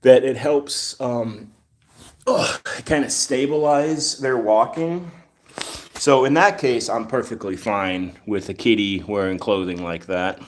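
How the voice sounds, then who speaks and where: A man's voice: medium pitch, slow pace, a little hiss or hum. A man hosting a casual live stream about his rescue cats, rambling with lots of fillers as he answers viewer comments. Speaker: cat channel host.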